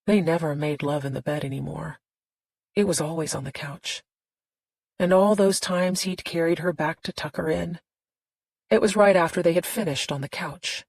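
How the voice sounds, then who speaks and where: A woman narrating a thriller audiobook in a tense, steady storytelling manner. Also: on the low side, moderate pace, dry recording, rough recording.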